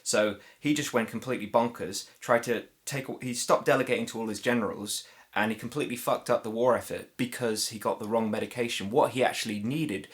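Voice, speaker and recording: A man's voice: medium pitch, fairly quick, few pauses. A man with a southern English accent chatting as a comedian guest on a podcast, rambling and joking with lots of fillers, sometimes drifting off the mic. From Ireland. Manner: rambling, jokey, many fillers. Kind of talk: casual podcast chat. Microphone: moves off mic at times.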